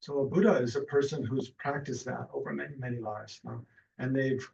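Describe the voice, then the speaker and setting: A man teaching a meditation class in a relaxed, hesitant way with many fillers and restarts, speaking over a video call. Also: medium pitch, fairly quick, creaky. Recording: distant, dull lo-fi mic.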